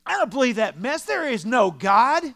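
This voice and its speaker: A man putting on a loud, gruff very old man who is hard of hearing and dismissive. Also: very high voice, very animated, moderate pace, dry recording, studio quality, voice pushed up, full character voice. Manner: shouting loudly.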